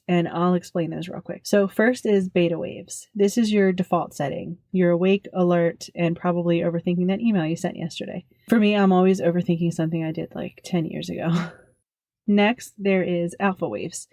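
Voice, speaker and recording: A woman hosting a podcast, talking casually with a lot of giggles and jokey asides at her own expense. Her voice sits on the low side and sounds mellow and warm. The sound is dry and close. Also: no echo. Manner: self-deprecating, chatty fillers. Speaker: podcast host.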